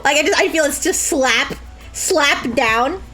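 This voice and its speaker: High-pitched, lively woman streamer. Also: a little slow, faint music behind. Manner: joking, laughs a lot, high squeals. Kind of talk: casual game commentary.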